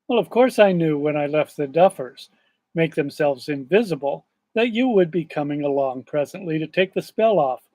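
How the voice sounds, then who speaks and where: A man's voice: a little high, expressive, moderate pace, warm tone, dry recording. A man reading aloud as a kindly, sleepy old male magician who talks in a mild, chatty way.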